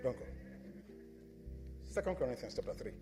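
A man's voice: medium pitch, lively intonation, normal speed. A pastor preaching a sermon in a church. He speaks emphatically and keeps putting questions to the congregation, then answers them himself. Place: church sanctuary. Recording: reverberant church hall with soft instrumental music.

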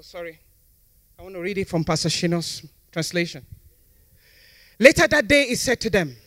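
A man's voice: sits high, no echo, studio quality. A man pastor preaching a sermon and leading the congregation in fervent call-and-response prayer declarations.

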